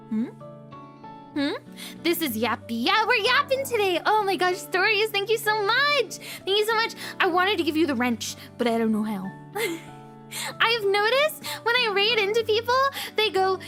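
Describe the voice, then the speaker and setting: Bubbly high-voiced young woman streamer. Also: big pitch swings, moderate pace, bright, forceful tone, soft background music. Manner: bubbly, giggly storytelling. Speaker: variety streamer. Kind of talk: casual chat stream.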